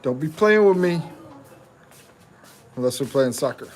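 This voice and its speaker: A man's voice: a little high, animated, measured pace. A man in his fifties from the United States, hosting a casual livestream and joking with viewers as he reads their comments aloud. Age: 50s. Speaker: livestream host.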